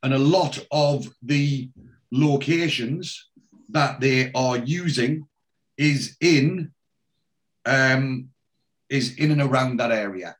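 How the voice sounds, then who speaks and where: A man's voice: mid-range voice, takes it slowly, long pauses. Chatty man recapping a TV episode. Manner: chatty, retelling scenes with quoted lines. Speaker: podcast host. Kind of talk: casual chat recapping a TV episode.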